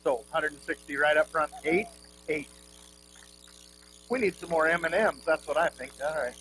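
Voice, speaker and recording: A man calling bids as auctioneer at a live charity quilt auction, rolling numbers in a rapid rhythmic chant. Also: fairly high pitch, a bit bright, a little hiss or hum, low-quality recording. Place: outdoor camp auction.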